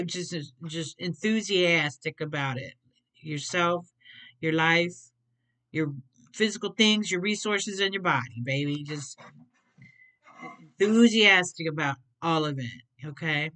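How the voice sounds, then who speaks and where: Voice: medium pitch, sharp tone. A tarot reader giving a casual reading, rambling, repeating words and tripping over some.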